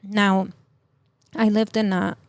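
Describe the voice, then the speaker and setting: A middle-aged woman telling of a personal loss as a podcast guest, in a halting, emotional way full of fillers and restarts. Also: medium pitch, little pitch movement, clear, resonant tone, no echo. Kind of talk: personal testimony in an interview.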